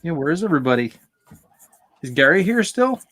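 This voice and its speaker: A man chatting as a guest on a livestream, unsure of himself, with lots of pauses and restarts. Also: on the high side, sing-song, a bit bright. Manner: hesitant, lots of ums and restarts. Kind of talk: casual chat.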